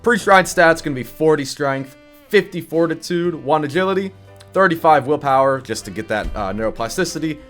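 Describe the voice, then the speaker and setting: A man's voice: on the high side, animated, fairly quick, fairly bright tone, soft background music. A young man with a stuffed-up, scratchy voice, a gaming YouTuber talking bluntly and profanely in a casual rant before a game build guide. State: congested, scratchy voice.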